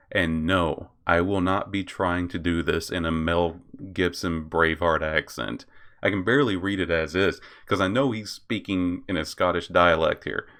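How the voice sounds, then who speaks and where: A man's voice: low voice, fairly bright tone. A man hosting his own commentary channel, reading out posts and reacting with frequent laughter, swearing and stumbles over names.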